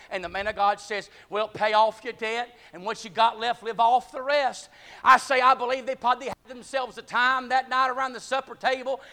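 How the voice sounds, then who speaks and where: Male preacher, sermon, very high voice, gravelly fry, call-and-response, bursts into shouting, winded. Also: level tone, moderate pace. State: out of breath.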